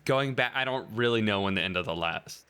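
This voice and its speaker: A man co-hosting a podcast in casual chat, deadpan and hesitant, making dry jokes. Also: on the low side, fairly quick, smooth. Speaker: podcast co-host.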